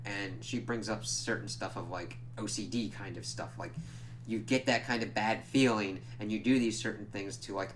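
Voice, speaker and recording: A man loosely recaps a TV episode, swearing freely and filling his speech with "like." His lowish voice has a fairly bright tone, with a little hiss or hum in the recording.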